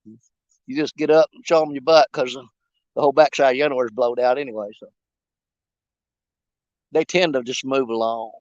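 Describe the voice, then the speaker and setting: Speaking in a medium pitch with fairly even intonation and a darkish tone, a man livestreams his fishing from a riverbank outdoors. He talks at a moderate pace with frequent pauses, joking and rambling folksily, in a lo-fi recording with no room sound.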